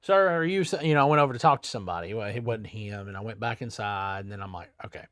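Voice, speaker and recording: This man works at a tire shop and talks very fast in a lowish voice, recorded at studio quality with no echo. Chatting casually, he tells a story in plain, loosely worded speech, animatedly acting out the people he quotes by raising his voice.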